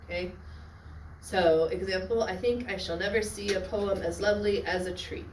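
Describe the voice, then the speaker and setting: A woman's voice: medium pitch, fairly even intonation, a little hiss or hum. Lady teaching latin in a classroom, keeps asking if everyone's with her, sounds far off in an echoey room. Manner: checks in often with students, quick asides. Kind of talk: classroom lecture.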